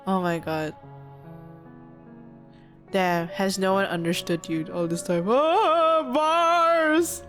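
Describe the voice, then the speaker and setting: A woman streaming a game, reacting excitably and translating the scenes out loud in a casual way. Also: mid-range voice, slow pace, long pauses, soft background music. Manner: excitable, loud exclamations, giggly.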